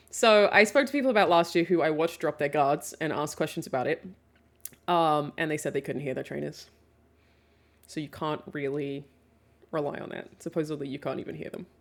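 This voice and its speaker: A woman's voice: sits low, creaky. A young woman streamer chatting casually with her viewers and reading their questions aloud. She swears freely, laughs often and fills her talk with "um"s.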